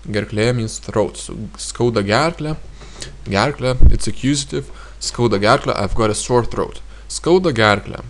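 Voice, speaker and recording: A man teaching a language lesson, repeating each phrase several times and explaining it in a relaxed, thinking-aloud way with frequent fillers. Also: mid-range voice, measured pace, a little hiss or hum.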